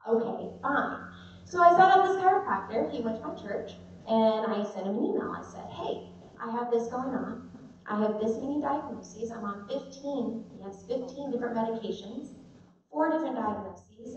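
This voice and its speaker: Woman, fairly high voice, animated testimonial, distant and dull recording. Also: moderate pace, slight background noise. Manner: animated, storytelling, conversational. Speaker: patient giving a testimonial. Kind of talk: live talk to an audience. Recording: echoey hall, voice from a distance, dull sound.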